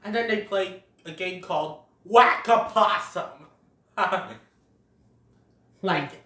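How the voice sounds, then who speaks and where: This movie reviewer's casual, giggly play-by-play of a cartoon film comes with quoted lines. Mid-range, slow and pushed bright, the voice is recorded distant from the mic with a roomy echo.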